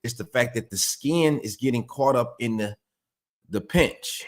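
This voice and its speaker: A man's voice: mid-range voice, a little slow. Earnest man explaining dog training. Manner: earnest, repeats words and restarts while explaining. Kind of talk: casual explanatory talk.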